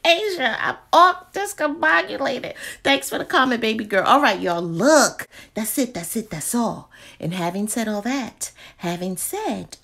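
A woman's voice: a little high, big pitch swings, measured pace, gravelly, pushed and bright. A woman vlogging a casual check-in on store deals, chatty and playful, talking to herself between laughs. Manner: playful, talks to herself, drops into whispers and laughs. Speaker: vlogger reviewing shopping deals.

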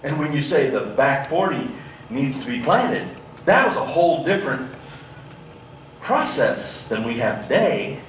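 A man's voice: mid-range voice, measured pace, a little hiss or hum. Preaching man in an echoey church. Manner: animated preaching, swings from loud to hushed. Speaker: pastor. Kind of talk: sermon. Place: church sanctuary. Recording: echoey church room, mic at a distance.

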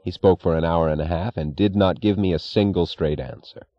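A man's voice: sits low, fairly quick, dry recording, muffled recording. A man voicing an earnest, worried railroad assistant. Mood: urgent. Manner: urgent, pleading, plain-spoken. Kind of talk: audiobook character reading.

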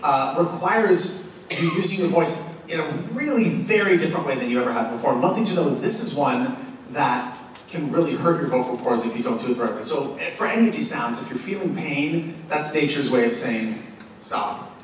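A man's voice: on the high side, lively intonation, a little fast. A man leading an a cappella workshop, joking as he teaches and demonstrating vocal sounds. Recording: distant mic in an echoey room with room noise.

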